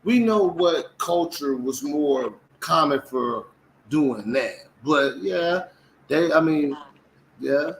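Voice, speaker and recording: A man's voice: on the high side, lively intonation, slow pace, slight background noise, poor audio. A man co-hosting a casual commentary chat, talking animatedly and acting out quotes in mimicking voices. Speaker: co-host.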